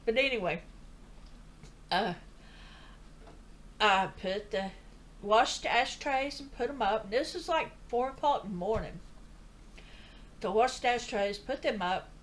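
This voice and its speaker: A woman's voice: fairly high pitch, lively intonation, unhurried, long pauses, a little hiss or hum. An older woman earnestly telling a personal story in a chatty way, with asides. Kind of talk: casual testimony.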